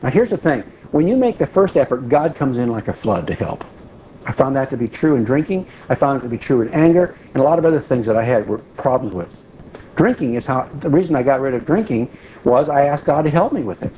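Middle-aged man, casual sermon to a group, mellow tone, dull lo-fi recording. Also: mid-range voice, big pitch swings, a little fast, a little hiss or hum. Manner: plain-spoken, repeats phrases for emphasis, asks the audience questions. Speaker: preacher teaching a group. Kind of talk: informal sermon.

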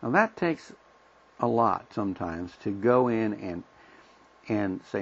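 Gravelly folksy man teaching the Bible. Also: lowish voice, lively intonation, slow, pauses often. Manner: folksy, plain-spoken, acts out everyday dialogue. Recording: dull lo-fi recording.

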